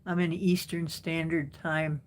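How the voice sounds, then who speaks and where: A woman hosting a relaxed live stream, chatting back to her viewers' comments. Her voice sits a little low and she takes her time with every phrase, often breaking into easy laughter. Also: measured pace. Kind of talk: casual live chat, reading viewer comments.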